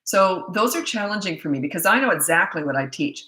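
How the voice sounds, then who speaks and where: Middle-aged woman from Canada, parenting coach on a live stream, bright, firm, no-nonsense delivery in a roomy space. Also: lowish voice, lively intonation. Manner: brisk, direct, reads viewer questions aloud. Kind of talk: live Q&A, casual advice. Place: room at her computer. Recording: echoey room.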